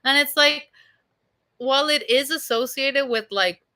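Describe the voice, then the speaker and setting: A young woman streaming and chatting with viewers in a loose, rambling way, full of swearing and fillers, her voice a bit hoarse from being sick. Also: sits high, measured pace, sharp tone. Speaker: streamer answering chat. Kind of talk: casual rambling chat.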